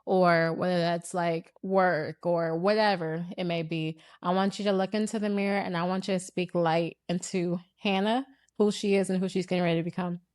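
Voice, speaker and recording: A woman hosting a heartfelt conversation, speaking softly with gentle affirmations and drawn-out phrasing. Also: fairly low pitch, steady tone, smooth, no room sound, clean studio sound. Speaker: host.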